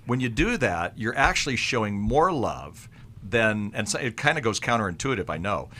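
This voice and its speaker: Bright-voiced low-pitched man advising. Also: big pitch swings, moderate pace. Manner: encouraging, reassuring. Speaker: co-host counselor. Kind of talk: radio advice talk.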